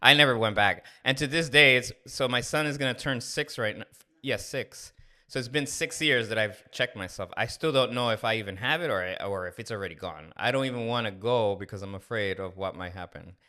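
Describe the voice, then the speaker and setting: A man's voice: lowish voice, a little fast. A man in his thirties telling a candid personal story on a podcast, acting out the dialogue as he goes. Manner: candid, animated, acts out dialogue. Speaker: podcast co-host. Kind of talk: casual storytelling.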